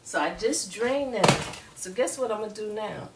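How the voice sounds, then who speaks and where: Woman cooking-show host, folksy, chats to the camera, mid-pitched, frying sizzle clearly audible. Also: expressive, normal speed, heavy background noise. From US South. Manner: chatty and folksy, talks straight to viewers. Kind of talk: casual cooking demonstration. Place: home kitchen. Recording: loud frying sizzle behind voice. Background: food sizzling in a frying pan.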